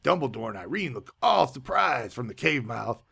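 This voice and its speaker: Gravelly sarcastic male movie reviewer. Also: medium pitch, normal speed. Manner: sarcastic, deadpan asides. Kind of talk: sarcastic comic movie recap.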